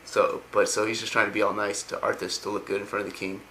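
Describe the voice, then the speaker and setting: A man's voice: lowish voice, flat delivery, fast talker, bright, forceful tone, slight background noise, rough recording. A young man casually retelling a story, rambling and enthusiastic with slangy asides. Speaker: lore explainer.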